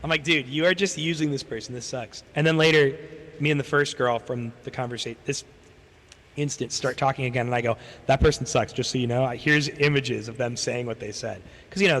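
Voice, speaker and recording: A man streams while rambling through a long, casual story, swearing a lot and acting out the people he quotes. His voice is mid-range and a bit bright, and the recording carries a long hall reverb.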